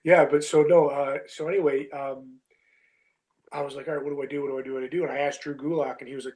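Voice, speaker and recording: A man's voice: on the high side, fairly even intonation, fast, rough recording. A man in his thirties, a wrestler telling a long story in a casual interview, full of fillers like "you know what I mean" and "bro".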